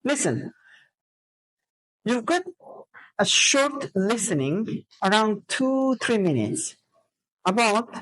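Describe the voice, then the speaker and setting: A woman's voice: fairly high pitch, big pitch swings, slow pace, long pauses, fairly bright tone, poor audio. A woman teacher trainer running a classroom lesson, drilling students with questions and counting out word stress. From Azerbaijan.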